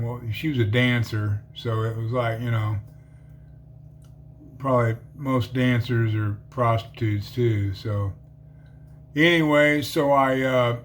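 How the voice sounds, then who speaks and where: A man's voice: mid-range voice, a little hiss or hum. A man who is an ex-convict telling his conversion story in a casual, rambling way full of fillers. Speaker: ex-convict giving a conversion testimony.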